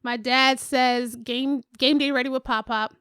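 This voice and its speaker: A pregnant woman in her thirties telling a story on a podcast in casual chat, animated and swearing freely. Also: high voice, a little slow, clean tone, no room sound, studio quality. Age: 30s. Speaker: podcast co-host.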